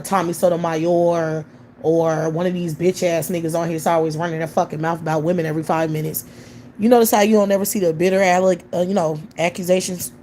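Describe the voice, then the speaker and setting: A woman's voice: lowish voice, mellow, slight background noise. A woman hosting a livestream, ranting bluntly with heavy profanity. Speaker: livestream host. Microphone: computer or phone mic on a livestream.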